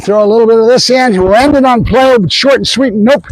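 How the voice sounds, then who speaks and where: A man training a puppy on camera, explaining his methods to viewers in a casual way and breaking into excited praise for the dog. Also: very high voice, a little fast, hardly any pauses, no echo, rough recording. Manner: casual, addresses viewers as guys. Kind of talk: hands-on training demo with commentary to viewers. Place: outdoors at a training area.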